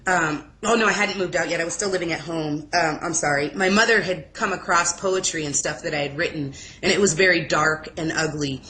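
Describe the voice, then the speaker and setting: Young woman, interview guest, crisp bright tone, emotional and halting testimony. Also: fairly low pitch, slight background noise, low-quality recording. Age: young adult. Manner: emotional, halting, with restarts and apologies. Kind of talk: personal testimony in an informal interview.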